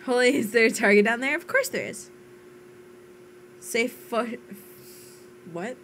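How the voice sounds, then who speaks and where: A woman live-streams a game and chats with friends in a giggly, self-teasing way. She talks at an unhurried pace, over a faint background hiss. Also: on the high side, expressive, fairly bright tone. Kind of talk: casual chat while live-streaming a game.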